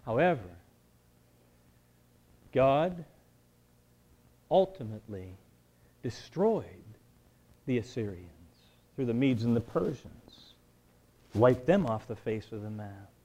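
A man as pastor, preaching a conversational sermon with joking asides and shifts between quiet talk and emphatic build-ups. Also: mid-range voice, animated, slow pace, pauses often.

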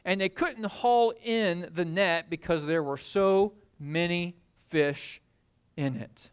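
A man preaching a sermon, telling the story in an animated way and acting out the scenes. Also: high voice, slow pace, smooth. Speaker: pastor.

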